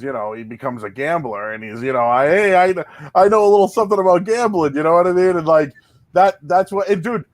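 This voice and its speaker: Male podcast host, high voice, rambling casual banter, dry close sound. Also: no room sound. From Boston area. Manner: rambling, fast, full of restarts and "dude", "man". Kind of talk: casual chat.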